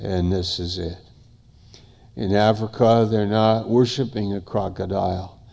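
A man's voice: on the low side, steady tone, a little slow, creaky, dark tone. An older man preaching a sermon, emphatic and given to repeating phrases in long lists.

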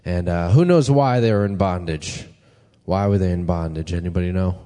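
A man's voice: sits low, moderate pace, mellow. A man preaching a casual, conversational sermon and asking his congregation questions. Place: church hall. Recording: long hall reverb.

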